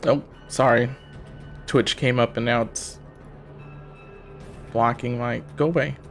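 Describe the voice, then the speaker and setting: A man's voice: mid-range voice, steady tone, slow, faint music behind. A man playing in a tabletop game, giving brief replies and checking his rules. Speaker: player. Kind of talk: casual game chat.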